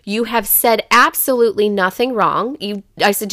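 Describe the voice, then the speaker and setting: Recorded dry at studio quality, a woman with a mid-range, somewhat bright voice speaks at normal speed. As a mother on a relaxed podcast, she tells a personal story frankly, swearing freely and leaning on "like" and "you know."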